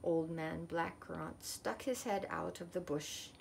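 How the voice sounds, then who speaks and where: A woman gently reads a children's picture book aloud, with a touch of gravel in her voice. A faint background noise sits under her. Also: lowish voice, measured pace. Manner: gentle, expressive read-aloud. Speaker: storyteller.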